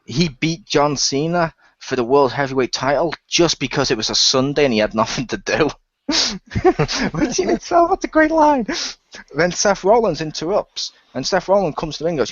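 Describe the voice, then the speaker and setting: A man's voice: mid-range voice, moderate pace, no room sound, lo-fi sound. A man on a podcast retelling a week of wrestling in casual chat, acting out the lines he quotes. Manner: animated retelling, quoting wrestlers in dialogue. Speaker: podcast co-host recapping wrestling.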